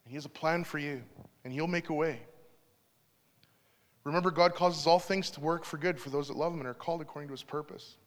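A middle-aged man gives a sermon in a church, his voice sitting a little high for a man. He talks in a relaxed, conversational way and drops in small asides. The sound carries a long hall reverb. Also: brisk, pauses often. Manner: conversational, warm storytelling with asides. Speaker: pastor.

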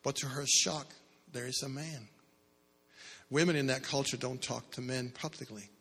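A man's voice: medium pitch, fairly even intonation, normal speed, a bit bright, slightly rough. A male preacher giving a sermon, asking the congregation questions and building in bursts, heard in a church hall. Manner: asks the crowd "how many" questions, builds in bursts. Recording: echoey hall.

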